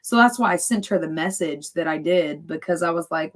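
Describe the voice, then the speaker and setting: A woman's voice: fairly low pitch, a little fast, few pauses. A woman in her thirties, a podcast guest, chatting casually and laughing often as she retells what others said to her. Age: 30s. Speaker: podcast guest, fighter and cake baker.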